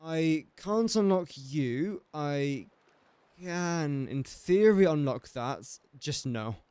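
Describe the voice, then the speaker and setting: A man's voice: a little high, animated, slow, dark tone, clear, resonant tone, no echo. A young English man casually thinking aloud while streaming a building game and chatting to viewers. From England. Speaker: gaming streamer. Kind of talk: casual live-stream commentary.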